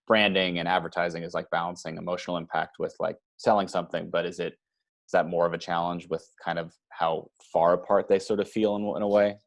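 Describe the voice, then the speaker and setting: A man's voice: deep voice, level tone, brisk, vocal fry. A man hosting an interview, asking hesitant, rambling questions in a casual way. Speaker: interview host.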